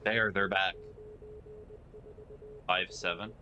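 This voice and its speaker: A man with a low voice streams a driving game, speaking slowly and casually as he answers viewers' chat messages. The recording is muffled, with steady noise and hum behind the voice.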